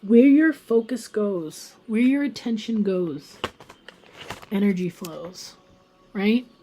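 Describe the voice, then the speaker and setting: A woman does a casual pick-a-card tarot reading, chatting emphatically straight to her viewers and sometimes sinking into a soft whisper to stress a point. Her voice is mid-range and she takes her time.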